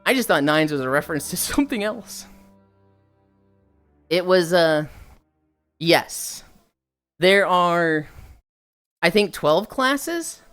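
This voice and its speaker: A woman's voice: on the low side, slow, long pauses, clean tone. Young woman streamer yapping to chat, swears a lot, voice jumps all over, a little music underneath. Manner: animated, profane, storytelling. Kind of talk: casual chat with viewers.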